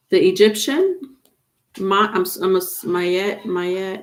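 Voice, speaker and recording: A woman's voice: mid-range voice, unhurried. A woman doing a live-stream tarot reading, chatting casually and reading viewer comments aloud. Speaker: tarot reader.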